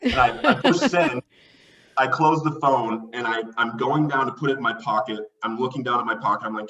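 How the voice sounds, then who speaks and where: A man guest on a podcast, telling a personal story in an excitable way and acting out the voices he quotes. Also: mid-range voice, a little fast, recorded from a distance, dull audio. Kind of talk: animated storytelling.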